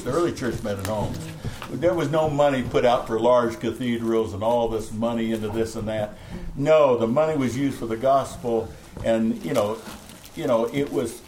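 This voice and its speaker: A man's voice: mid-range voice, a little mellow, a little hiss or hum, rough recording. A middle-aged man preaching a fervent, rambling sermon to a small home church, breaking into laughs. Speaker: pastor. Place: home meeting room.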